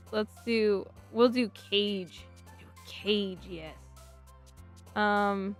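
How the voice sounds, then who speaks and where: A woman's voice: medium pitch, fairly bright tone. A woman streamer chatting casually and reading game text aloud, often breaking into giggles. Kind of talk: casual let's-play commentary.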